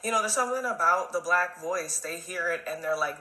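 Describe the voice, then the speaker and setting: A man telling a story to camera, animated and mocking. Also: sits high, a little fast, reverberant, poor audio.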